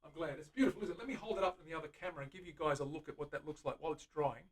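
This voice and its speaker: A man's voice: on the high side, very fast, far from the mic. A middle-aged man with an Australian accent, hosting a live-streamed workshop demonstration and chatting eagerly to viewers while he works. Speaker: luthier host. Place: guitar workshop. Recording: voice from away from the mic.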